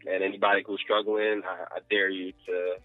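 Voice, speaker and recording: Low-voiced Baltimore man on a phone line. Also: flat delivery, a little fast, dry recording, soft background music. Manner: candid and earnest, with filler "uh". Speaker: interviewee. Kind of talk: personal testimony.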